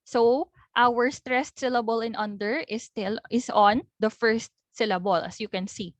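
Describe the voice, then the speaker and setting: A woman with a Philippine accent giving a recorded linguistics lecture, patiently repeating example words slowly and clearly. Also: a little high, steady tone, dry recording, poor audio. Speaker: linguistics teacher.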